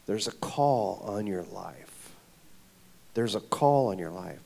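A man voicing his earnest male friend and mentor, who repeats himself in a hushed, insistent way. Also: on the low side, expressive, slow pace, vocal fry, pitched below the performer's own voice, heavily acted.

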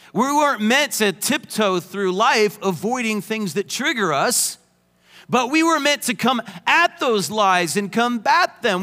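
A man's voice: high voice, sharp tone. A young adult man preaching a sermon, emphatic with joking asides. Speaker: pastor. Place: church sanctuary. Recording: long hall reverb.

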